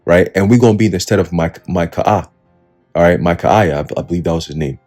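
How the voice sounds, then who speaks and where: Slangy low-voiced man preaching. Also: brisk, darkish tone, soft background music. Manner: slangy and profane, keeps asking "right?". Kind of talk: casual street-style Bible teaching.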